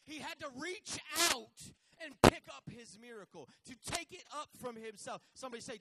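A man preaching a live sermon, passionate, swinging between loud shouting and soft asides to the congregation. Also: very high voice, lively intonation, moderate pace, few pauses, heavy background noise. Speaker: pastor.

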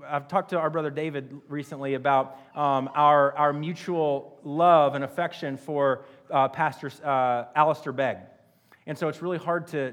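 A man preaching a sermon in an earnest, conversational way, often repeating himself as he finds the words. His voice sits a little high for a man. A long reverb trails every line, as in a large church hall. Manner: earnest, repeats and restarts phrases. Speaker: pastor.

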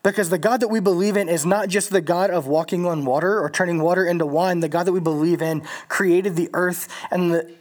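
A preacher giving a casual, animated sermon in slangy, conversational talk. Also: mid-range voice.

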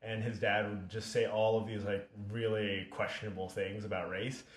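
Casual, low-voiced male host, echoey room. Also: flat delivery, normal speed. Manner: casual and profane, many fillers. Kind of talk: casual conversation.

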